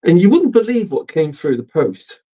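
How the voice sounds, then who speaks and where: A man's voice: a little high, big pitch swings, moderate pace, mellow. A middle-aged man hosting a casual live stream, rambling and swearing with lots of ums. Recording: dull lo-fi stream audio.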